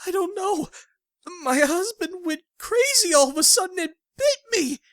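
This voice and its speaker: A man's voice: very high voice, big pitch swings, normal speed, fairly bright tone, no room sound, clean studio sound, pitched above the performer's own voice, exaggerated voice. A male narrator voicing a panicked, crying woman in her thirties in an audiobook. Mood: hysterical. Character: petite woman in her thirties, hysterical and injured.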